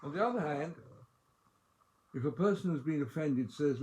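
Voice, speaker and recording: Man giving a measured, emphatic sermon. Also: on the high side, expressive, a little mellow. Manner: measured, emphatic delivery with strong dynamic swings.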